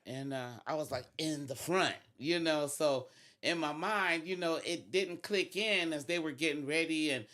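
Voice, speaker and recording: A man on a podcast in casual chat, excitedly recounting a memory with lots of fillers. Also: a little high, normal speed. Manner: excited recounting, many fillers like "you know".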